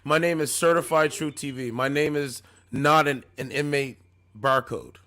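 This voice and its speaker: A man's voice: medium pitch, moderate pace, bright, forceful tone. A male livestreamer in a heated argument, confrontational and repeating his phrases over and over.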